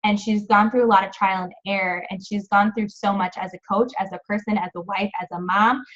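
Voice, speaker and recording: A woman's voice: mid-range voice, fairly even intonation, a little fast, fairly bright tone. A woman hosting a team coaching video call, chatty and encouraging, rambling a little as she talks. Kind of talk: upbeat team call talk. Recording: dull lo-fi video call audio.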